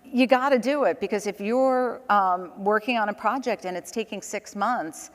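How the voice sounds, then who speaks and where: A woman of middle pitch talks through her work on a conference stage, chatty and story-driven, breaking into laughs between points. Her voice carries a long reverb from the hall around her. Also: normal speed. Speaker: panel guest, communications director. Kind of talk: conference panel conversation.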